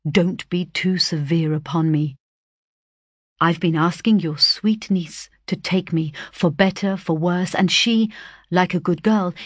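A smooth-talking young gentleman lays on the flattery and pleads his case, read by a woman. The voice sits low and dry, eager and overflowing with compliments. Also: no echo. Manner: effusive, pleading.

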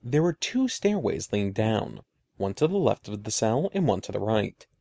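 A man narrating a children's storybook in an expressive, suspenseful way. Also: fairly low pitch, normal speed, gravelly, husky, no room sound, studio quality. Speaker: audiobook narrator.

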